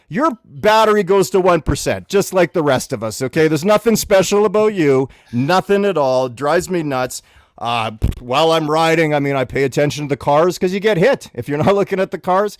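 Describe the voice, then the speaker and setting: A man co-hosting a comedy podcast, ranting in a grumbling, deadpan way. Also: on the high side, a little fast, no echo, clean studio sound. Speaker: co-host.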